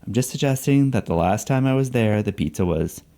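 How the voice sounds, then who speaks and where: A man's voice: on the low side, animated, fairly quick, mellow. A man reading a novel passage aloud, voicing a vain, tense male banker who talks through gritted teeth and hisses in whispers. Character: vain, tense male Wall Street banker, simmering anger.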